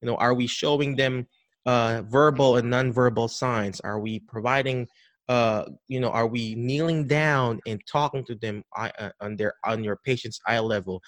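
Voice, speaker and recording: On a podcast call, a man who educates people about dementia care is interviewed, speaking animatedly with many restarts as he acts out how caregivers greet patients. His voice is medium-pitched at a moderate pace, with no room sound.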